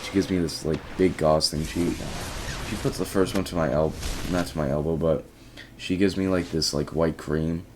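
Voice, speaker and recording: Speaking in a bass voice with a steady tone and moderate pace, this male teenage vlogger rambles casually through an account of his day. He keeps quoting himself and starting sentences over, and there's background noise in the clip.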